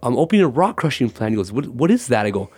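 A man's voice: medium pitch, racing, husky. A man, a ministry guest, telling his personal testimony and acting out the conversations in it. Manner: animated storyteller acting out dialogue.

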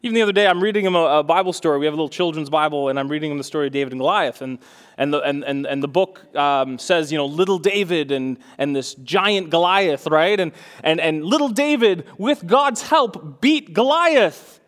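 A man's voice: a little high, a little fast, a bit bright. A young adult man, a pastor, preaching a sermon in an earnest way that rises to fervent emphasis.

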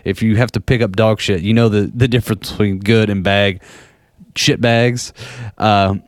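A man's voice: on the low side, steady tone, normal speed, no room sound, studio quality. A man in his thirties or forties casually telling rambling, profane stories and laughing at them as he goes. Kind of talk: casual storytelling chat.

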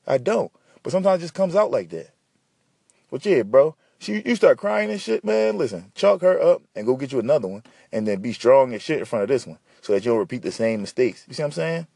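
A man's voice: mid-range voice, creaky, warm tone, husky, no room sound, studio quality. A man hosting a podcast alone, giving blunt, profane, rambling advice in an unscripted casual monologue. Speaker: podcast host.

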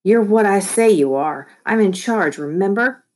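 A woman's voice: mid-range voice, lively intonation, a little slow, a little mellow, pitched above the performer's own voice. A woman voicing a bossy young boy who runs a small business, talking in a bratty, emphatic way.

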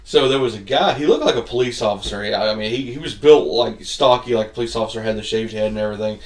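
Guy cohosting a podcast, tells stories loud and lively, does little voices, kinda low voice, echoey room a bit off mic. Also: fast, far from the mic. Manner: animated storyteller, acts out voices, laughs a lot. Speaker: podcast co-host. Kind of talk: casual chat, storytelling.

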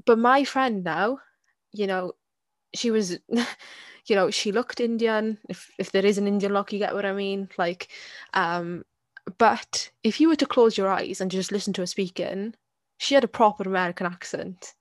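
A woman's voice: mid-range voice, normal speed, dry recording. A woman co-hosting a casual discussion podcast, talking in a hesitant way with many restarts and repeated words. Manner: hesitant, repeats words, frequent "you get what I mean". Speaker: podcast co-host.

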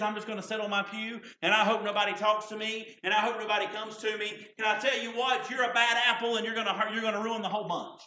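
High-voiced preacher, echoey church. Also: male voice, pushed and bright. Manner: folksy, repeats "can I tell you what". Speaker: pastor. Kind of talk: sermon. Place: church sanctuary.

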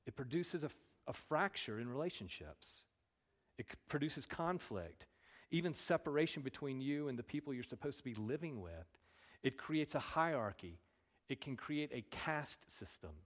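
A man delivers a sermon in an animated way, firing off rhetorical questions and rising in force on key words. His voice sits at an ordinary middle pitch. It rings out with a long hall reverb, as in a church hall. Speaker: pastor.

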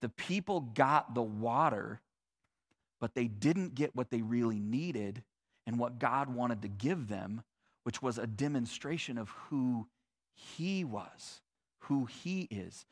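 A male pastor preaching a sermon in a conversational, animated way with casual asides. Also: mid-range voice, slow.

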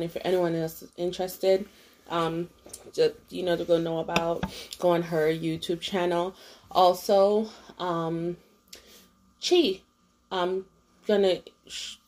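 A young woman co-hosting a casual podcast, telling stories with an animated, laughing delivery. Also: lowish voice. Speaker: podcast co-host. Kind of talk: casual chat.

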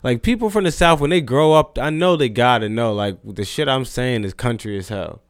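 A man's voice: medium pitch, normal speed, clean tone, dry recording, studio quality. A young man from New Jersey co-hosting a podcast, talking loose and profane, with lots of "like" and restarts. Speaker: podcast co-host. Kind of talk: casual podcast chat.

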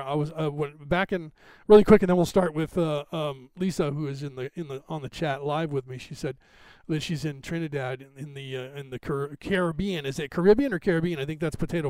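Middle-aged Californian man, loose, rambling live-stream host, slightly high voice, dry recording. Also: darkish tone, dry recording. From Northern California. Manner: chatty, digressive, tags sentences with "right?". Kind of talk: rambling casual chat to live viewers.

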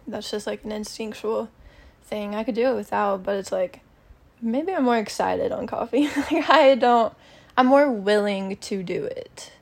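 A young woman with a creaky, medium-pitched voice hosts a rambling solo podcast from a bedroom at her mother's house. She speaks unhurriedly, meandering and thinking aloud with lots of fillers.

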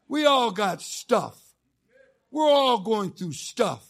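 Male chaplain, fiery call-and-response preacher, high voice, folksy and joking. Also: very animated, slow pace, gravelly. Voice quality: folksy storytelling with jokes. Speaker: chaplain preaching as guest speaker. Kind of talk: sermon.

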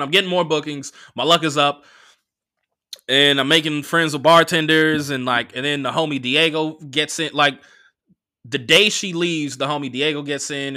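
Bright, punchy man telling a story. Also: fairly high pitch, dry recording, studio quality. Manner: animated retelling with profanity and quoted dialogue. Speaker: podcast host. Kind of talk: casual storytelling monologue.

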